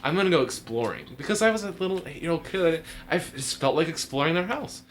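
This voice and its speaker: A young man with a slightly high voice tells a long story to his friends in a casual chat. He rambles, leans on fillers and laughs through his words. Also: animated, fast talker, a little hiss or hum.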